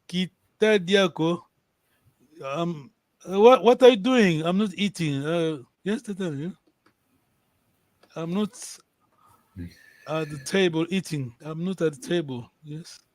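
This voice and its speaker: A man's voice: fairly high pitch, no room sound. A man teaching a language lesson over a video call, patiently repeating and checking that his students follow.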